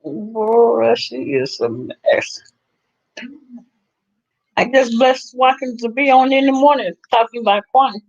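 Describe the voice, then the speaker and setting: Woman, host, casual gossip chat, very animated pitch, laughing reactions, muffled lo-fi sound. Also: takes it slowly, pauses often.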